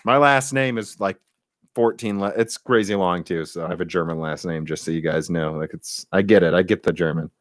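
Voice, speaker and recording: A man's voice: deep voice, brisk, dry recording. A young man hosting a casual live stream about tech hardware, talking in a rambling, chatty way and laughing easily. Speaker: tech podcast host.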